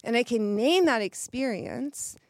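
A woman's voice: fairly high pitch, expressive, unhurried. A frank, candid woman leads a live workshop, her voice carrying a slight nervous tremble. She talks to the group in a loose, conversational way, checking in often and laughing easily. The sound is dry and close, with little room echo. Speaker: workshop leader.

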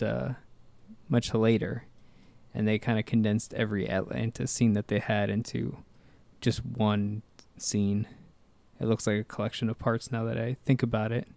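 A man's voice: on the low side, little pitch movement, moderate pace, gravelly, dark tone, dry recording. A man co-hosting a casual movie commentary chat, rambling and hesitant with many fillers and restarts. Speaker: podcast co-host.

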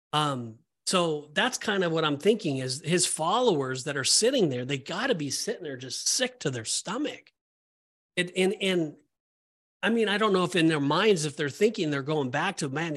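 Emotional man, higher voice, rambling. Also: fairly bright tone. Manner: rambling, emotional, many restarts. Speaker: podcast co-host. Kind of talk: casual Bible discussion.

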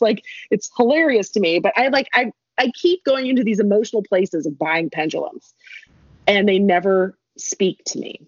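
Chatty woman with a husky voice. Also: medium pitch, fairly quick, no echo. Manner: chatty, laughing, rambling with many asides. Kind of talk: casual storytelling chat. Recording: dull lo-fi dry recording.

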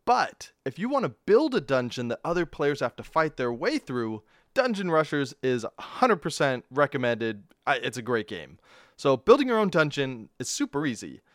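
A man's voice: medium pitch, big pitch swings, normal speed, dry recording, clean studio sound. A man hosting a casual game review podcast, rambling, self-mocking and laughing often. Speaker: podcast host.

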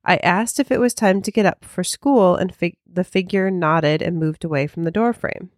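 A woman's voice: lowish voice, normal speed, no echo, clean studio sound. A woman co-hosting a podcast in casual chat, chatty and full of fillers. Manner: chatty, filler-heavy, hesitant. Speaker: podcast co-host.

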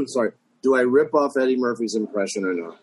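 A man in casual podcast chat, talking in a halting, conversational way. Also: medium pitch, darkish tone, slightly rough, rough recording.

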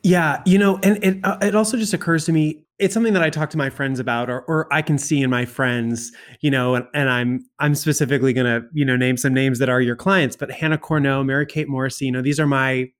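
Male interviewer, casual and halting, lots of fillers, medium-pitched. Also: fairly even intonation, a bit bright. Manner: hesitant, repeats fillers. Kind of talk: casual conversation.

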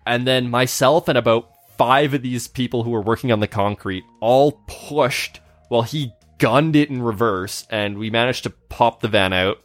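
A man's voice: medium pitch, normal speed, soft background music. Laughing man telling a casual story. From Canada. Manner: laughs often while telling a story, rambling restarts. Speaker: podcast co-host.

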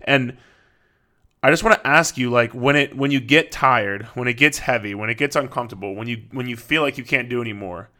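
Bright-voiced man, profane podcast talk. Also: mid-range voice, a little fast. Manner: profane, rambling, with frequent fillers and restarts. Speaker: fitness coach and podcast host. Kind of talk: casual podcast monologue.

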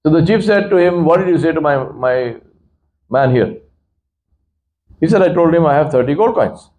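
Male imam delivering a sermon, animated storyteller, speaks directly to listeners. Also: moderate pace, low-quality recording. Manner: animated storyteller, acts out voices with big pitch swings; conversational, addresses listeners directly.

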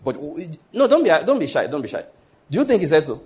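A pastor delivers a sermon in an emphatic, storytelling manner, hammering points through repetition. He draws the congregation in with call-and-response, and his voice sits a little above the usual male pitch. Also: very animated, quick pace, a little mellow.

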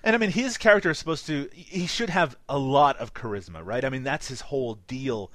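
Animated man with a light Newfoundland accent. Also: mid-range voice, a little fast, no echo. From Newfoundland, Canada. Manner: laughs often, swears casually. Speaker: podcast co-host. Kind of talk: casual movie recap chat.

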